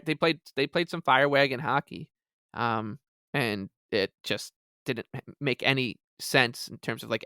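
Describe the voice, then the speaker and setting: A man's voice: mid-range voice, bright, forceful tone, clear, resonant tone, no echo, studio quality. A man chatting casually on a podcast, musing with amused animation. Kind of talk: casual chat.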